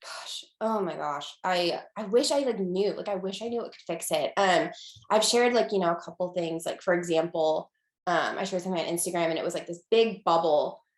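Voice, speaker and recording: A young woman talking casually as an interview guest, with lots of fillers and restarts, getting lively when she quotes people. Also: on the low side, brisk, echoey room.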